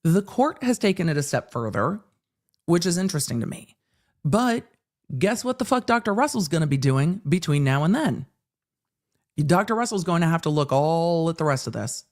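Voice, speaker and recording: A woman with a lowish voice hosts a live legal commentary stream. Her pitch swings widely as she rants, swears and acts out courtroom exchanges. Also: moderate pace. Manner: animated ranting with profanity and acted asides. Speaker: host.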